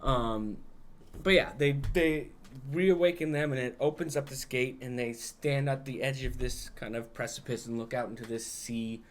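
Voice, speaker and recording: A man's voice: medium pitch, flat delivery, moderate pace, hardly any pauses, slight background noise. A young adult man, a podcast co-host, recapping a film in a rambling, casual way, peppered with "like" and swearing.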